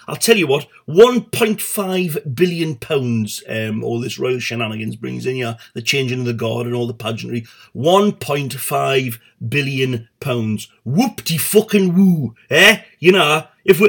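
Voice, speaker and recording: A man's voice: on the high side, expressive, normal speed, gravelly, few pauses, a bit bright, husky. A middle-aged man hosting a satirical comedy show, rambling and swearing with stumbling restarts.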